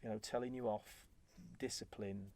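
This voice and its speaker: Low, gravelly male guest who tells animated stories in chat. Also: normal speed. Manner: animated, acts out quoted remarks. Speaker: former footballer guest. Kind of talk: conversational storytelling.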